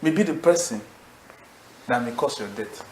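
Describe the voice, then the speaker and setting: A man preaching a sermon in a lively, animated way, calling out questions for the congregation to answer. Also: mid-range voice, moderate pace, echoey room, background noise. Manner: animated, calls for congregation responses.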